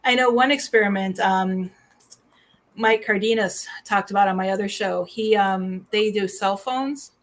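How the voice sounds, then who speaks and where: A woman hosts a relaxed paranormal talk show. She tells her stories in a chatty, animated way, with a voice of middling pitch. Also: unhurried. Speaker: host. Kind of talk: casual chat.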